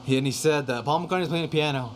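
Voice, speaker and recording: A man's voice: fairly high pitch, racing, slight background noise. A young man casually chatting on a podcast, rambling with lots of fillers and casual swearing. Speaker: podcast guest telling studio stories. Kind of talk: casual chat.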